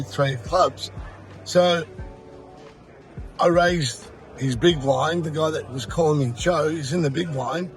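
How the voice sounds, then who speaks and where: A man telling a poker story, animated, laughing often as he goes. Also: fairly high pitch. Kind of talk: casual anecdote. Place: poker tournament venue.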